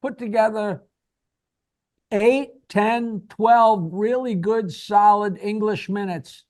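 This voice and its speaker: A man's voice: high-pitched, fairly even intonation, takes it slowly, darkish tone. A man co-hosting a podcast, giving rambling advice with many "you know"s and restarts. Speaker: podcast co-host. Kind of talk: podcast interview.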